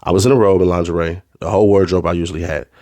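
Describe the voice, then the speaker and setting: Man, very low voice, dry close sound, reads trial testimony line by line, clipped delivery. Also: very fast, dry recording. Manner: flat, clipped reading of speaker labels. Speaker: trial recap reader. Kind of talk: reading courtroom transcript aloud.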